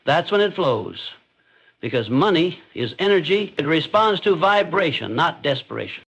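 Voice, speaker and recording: A man's voice: on the high side, very animated, normal speed, a bit bright, husky, muffled recording. A man giving scripted motivational narration in an intense, emphatic, declarative way.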